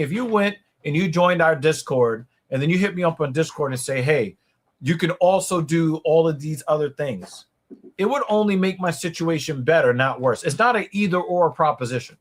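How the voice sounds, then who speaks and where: A man hosting a podcast livestream, talking in a loose, rambling and profane way with frequent restarts. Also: a little high. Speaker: podcast host. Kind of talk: casual livestream chat.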